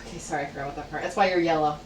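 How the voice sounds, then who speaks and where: A woman running a tabletop game as game master, with quick checks and clarifying questions. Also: deep voice, fairly even intonation, far from the mic, slight background noise. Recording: echoey room, voice from off-mic.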